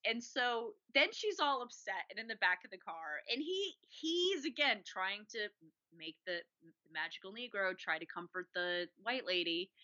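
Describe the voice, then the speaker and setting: A woman's voice: on the high side, pushed and bright. A woman co-hosting a casual movie review chat, animatedly acting out the characters' lines. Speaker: podcast co-host. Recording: dull lo-fi sound.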